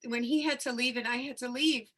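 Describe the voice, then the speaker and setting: In a relaxed spiritual chat she hosts, a woman tells a personal story at a fairly quick pace. Her high, bright voice is animated, and she's candid about her feelings, allowing the emotion to surface.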